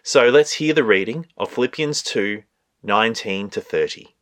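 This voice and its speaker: A man's voice: lowish voice, lively intonation, moderate pace, fairly bright tone. A man introducing a recorded church sermon for radio, plain and informative. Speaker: radio program announcer. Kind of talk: announcing a sermon broadcast.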